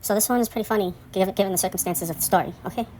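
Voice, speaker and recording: Woman, casual storytelling monologue, rambling, profane, indignant, middle pitch. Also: racing, slight background noise. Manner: indignant, rambling, profane, swings loud and high when exasperated. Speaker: vlogger telling a story about her building.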